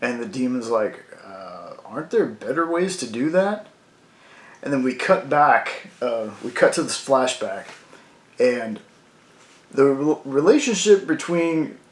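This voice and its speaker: A man casually reviewing a comic book, rambling with many fillers. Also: medium pitch. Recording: roomy echo.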